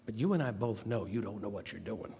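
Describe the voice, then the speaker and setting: Man putting on an older woman, Southern accent, motherly, frank, gravelly voice, long reverb. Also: fairly low pitch, expressive, brisk, background noise. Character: older Southern woman supervisor, kindly and firm.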